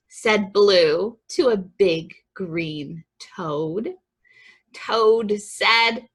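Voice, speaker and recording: A librarian reads a picture book at a children's story time in the library, expressive and rhythmic, with chatty asides to the kids. Her voice is medium-pitched and she reads very slowly.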